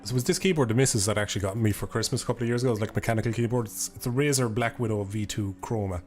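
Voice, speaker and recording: Young Irish man, casual streamer, lower voice, loose and swearing, faint music behind. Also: racing. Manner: rambling, swears casually, laughs often. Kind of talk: casual live-stream chat. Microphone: desk microphone.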